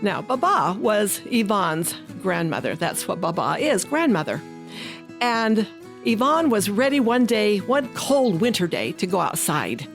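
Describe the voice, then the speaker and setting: A woman narrating a children's story in an expressive, singsong way, slowing down for emphasis. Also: medium pitch, faint music behind.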